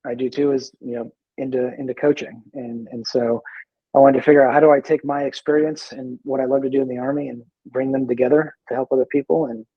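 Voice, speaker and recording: A man who is a veteran in recovery, a guest in a casual interview, talking in a halting, easygoing way with many repeated words. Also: medium pitch, little pitch movement, husky, no echo, highs cut off.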